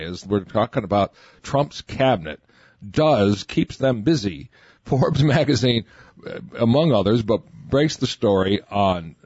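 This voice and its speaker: A man's voice: on the low side, breathy edge, no room sound, muffled recording. A man co-hosting a political radio talk show, rambling and emphatic, often restarting. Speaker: co-host.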